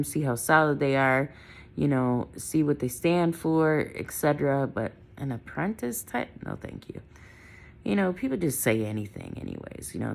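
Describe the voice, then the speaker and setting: A woman's voice: very deep voice, creaky, a little mellow. A middle-aged woman from Wisconsin, talking casually and with strong opinions in a vlog from her car, often ending thoughts with "right?". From Wisconsin, United States. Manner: chatty, opinionated, trailing off with "right?" and "I don't know". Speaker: vlogger.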